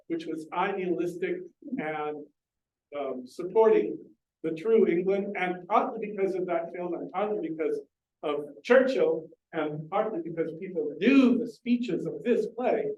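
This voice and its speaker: Male lecturer, high voice, earnest and explanatory, distant mic, roomy hall sound. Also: a little mellow, dull audio, a little hiss or hum. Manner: earnest, explanatory, addresses the audience with questions. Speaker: lecturer on Shakespeare. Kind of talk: public lecture. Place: library meeting room. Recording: echoey room, distant mic.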